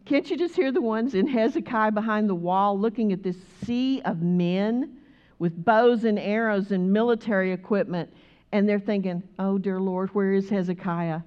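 A woman preaching a sermon, moving from conversational talk to loud, rhythmic exhortation. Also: mid-range voice, normal speed, muffled recording.

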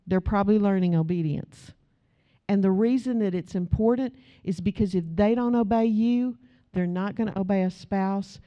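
A woman's voice: mid-range voice, mellow. A middle-aged woman preaching a sermon in a conversational way, asking the audience questions.

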